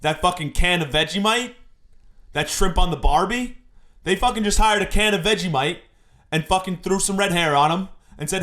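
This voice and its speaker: A man's voice: high-pitched, a little fast, bright, forceful tone. Mock-outraged young man ranting. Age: 20s. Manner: mock-indignant, exaggerated complaining. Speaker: comedy podcast host. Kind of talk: comedic rant monologue.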